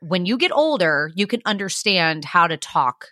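A woman in her thirties co-hosts a podcast, chatting casually, swearing freely and acting out stories. Her lowish, sharp-toned voice is very animated at a moderate pace, recorded in studio quality without echo.

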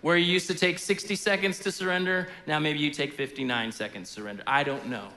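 A man preaching a sermon as pastor in a church sanctuary, in a conversational, animated way with frequent fillers. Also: a little high, fast talker, big-room sound.

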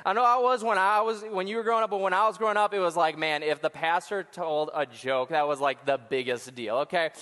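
A man with a high voice preaches in a lively, joking way, teasing the congregation and asking them to talk back. He is an associate pastor speaking to hundreds of people in a church auditorium. The sound carries a long hall echo. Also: brisk, hardly any pauses. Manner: joking, talks back to the crowd. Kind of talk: sermon.

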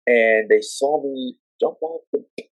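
A man talking with excitement on a podcast, telling wrestling stories and now and then breaking into shrill shouting. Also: unhurried, no room sound, low-quality recording. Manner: excitable, jumps into shrill shouting when retelling. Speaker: podcast guest. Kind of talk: casual chat.

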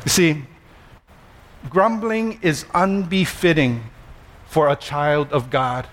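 A man pastor, preaching a sermon with animated storytelling, self-deprecating humor and slow emphatic repetition. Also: a little high.

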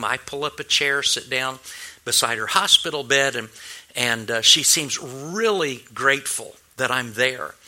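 A man's voice: medium pitch, pushed and bright. A male pastor telling a personal story in a sermon, earnest and anecdotal, with many restarts and fillers.

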